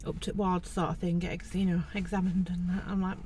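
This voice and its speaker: A woman's voice: on the low side, flat delivery, fairly quick, a little mellow, a little hiss or hum. A pregnant woman, chatting to camera in a casual vlog, laughing often and teary. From England. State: heavily pregnant, out of breath at times. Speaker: vlogger. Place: in and around a car at a hospital.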